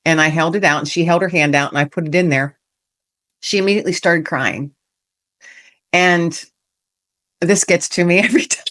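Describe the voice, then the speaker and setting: A woman's voice: lowish voice, normal speed, pauses often, fairly bright tone. Earnest woman telling a heartfelt story. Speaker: podcast guest, author and veteran. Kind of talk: storytelling in a podcast interview.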